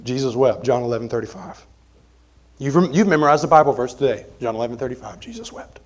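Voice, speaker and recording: Pastor preaching with forceful emphasis. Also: male voice, medium pitch, quick pace. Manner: conversational, shifts between forceful emphasis and quiet asides. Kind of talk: expository sermon. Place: church sanctuary.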